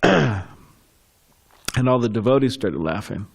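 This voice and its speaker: A man's voice: mid-range voice, expressive, takes it slowly, gravelly, husky. A man leading a scripture class, telling stories in a chatty way with laughs and restarts, then taking questions. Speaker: class speaker.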